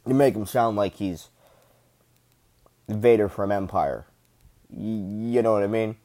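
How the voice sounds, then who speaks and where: A man's voice: on the low side, a little slow, dark tone, no echo. A man rambling in casual, enthusiastic fan commentary, gushing and swearing freely.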